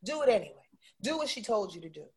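Husky lady guest, emphatic, keeps saying right?. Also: mid-range voice, very animated, fast talker, a little mellow. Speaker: guest, intuitive astrologer. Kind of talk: casual conversational interview.

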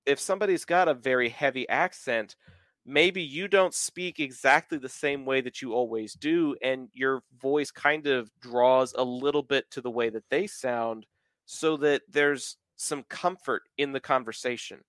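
A Southern American man in his thirties hosts a podcast, relaxed and talkative, laying out ideas at length with plenty of filler words. His mid-pitched voice comes at a measured pace, close and dry on the mic.

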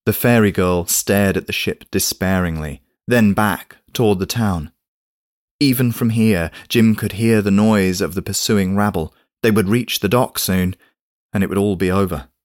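A man reading a novel aloud in steady, measured scripted narration. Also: lowish voice, no echo, studio quality. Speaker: audiobook narrator.

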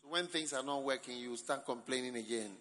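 A man with a Ghanaian accent, a bishop preaching to a camp gathering, teasing and joking with the congregation and breaking into shouts. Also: medium pitch, fairly quick. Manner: teasing, animated, bursts into shouts and laughter. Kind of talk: lively sermon with banter. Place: large church camp gathering. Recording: live crowd and noise behind.

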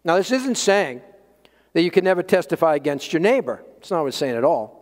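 A man's voice: very animated, brisk. Emphatic male pastor in a reverberant hall. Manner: emphatic, rising to loud peaks then dropping low. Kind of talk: sermon.

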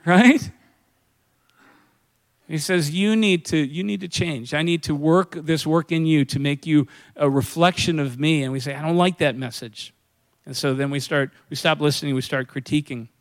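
A man's voice: fairly high pitch, steady tone, normal speed. A man preaching a sermon in a conversational way, asking his congregation questions and acting out what people say. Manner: conversational preaching, acts out quoted voices, asks the congregation questions. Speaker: pastor.

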